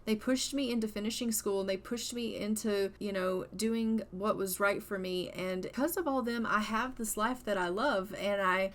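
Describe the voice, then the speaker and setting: A woman's voice: mid-range voice, moderate pace, hardly any pauses, slight background noise, lightly acted. A woman voicing an adult wife and mother in a life-sim game, speaking earnestly and reassuringly.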